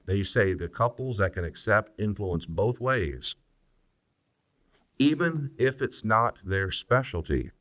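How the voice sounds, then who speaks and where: Deep-voiced pastor teaching on marriage. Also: male voice, a bit bright. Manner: earnest, plain-spoken, acts out sample phrases for couples.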